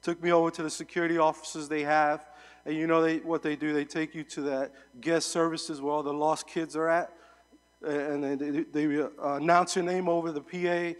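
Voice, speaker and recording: A young adult man giving a sermon as a guest preacher, telling a story in a relaxed, conversational way with fillers. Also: on the high side, normal speed, long reverb tail.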